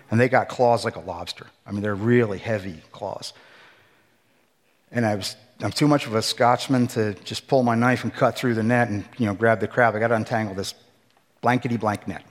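Middle-aged male ex-pastor, testimony sermon; emotional, swings loud to hushed; voice rings in a long hall reverb. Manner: emotional, swinging between loud emphatic bursts and hushed low passages. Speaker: former pastor and missionary giving testimony.

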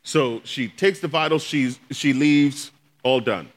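Speaking slowly in a mid-range voice, a middle-aged man who is a pastor shares his personal testimony in sermon form. He narrates like a storyteller and performs the quoted voices of the people involved.

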